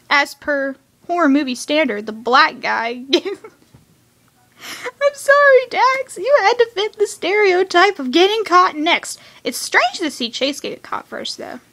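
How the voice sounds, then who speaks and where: A teenage girl with a high, bright voice rattles through a cartoon episode she just watched, chatty and excitable. She recaps at speed, then slips into hushed whispered asides. She is recording at home, alone in her room. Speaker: fan reviewing a cartoon episode.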